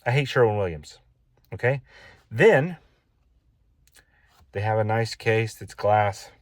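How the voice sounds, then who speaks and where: A man's voice: lowish voice, lively intonation, slow, no echo. A man building his own house, telling a casual, exasperated story in a vlog and repeating his gripes.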